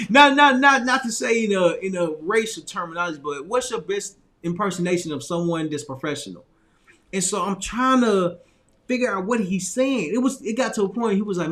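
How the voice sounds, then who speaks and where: Southern man from Arkansas, high voice for a guy, casual motivational storyteller, chatty and repetitive. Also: expressive, moderate pace, fairly bright tone. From Little Rock, Arkansas, US. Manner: loose, repetitive phrasing with frequent laughs and restarts. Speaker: motivational speaker.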